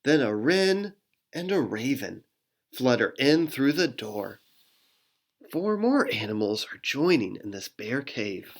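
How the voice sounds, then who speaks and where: A pastor reads a children's picture book at an easy, slow pace, with lots of rise and fall in the voice. The reading is playful, with sound effects acted out along the way. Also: medium pitch, sing-song.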